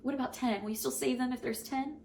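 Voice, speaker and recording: An earnest young woman with a fairly high voice reads scripture aloud, then reflects on it in a chatty, heartfelt way. A faint hiss of room noise sits under her voice. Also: steady tone, fast, gravelly, darkish tone, low-quality recording. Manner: earnest, emotional, chatty asides with "like". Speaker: Bible reading host.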